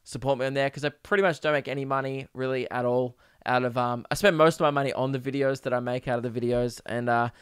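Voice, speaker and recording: A man's voice: medium pitch, quick pace, few pauses, clean tone, dry recording, clean studio sound. A young man hosting a podcast, rambling through crude comedic stories with lots of ums and uhs. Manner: rambling, crude and deadpan with many fillers. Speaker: podcast host. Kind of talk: casual comedic monologue.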